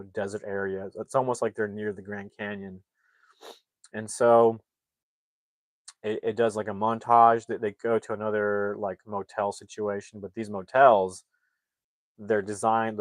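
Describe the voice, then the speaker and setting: Low-voiced man rambling through a movie recap. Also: no room sound. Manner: rambling, filler-heavy storytelling. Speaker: movie reviewer. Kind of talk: casual plot recap.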